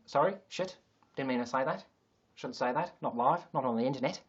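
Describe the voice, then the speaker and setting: A man's voice: medium pitch, fairly quick, few pauses, husky, muffled recording. Rambling joking male streamer. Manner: rambling, joking, self-mocking, swears freely. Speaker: livestream host. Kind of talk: casual comedic livestream chat.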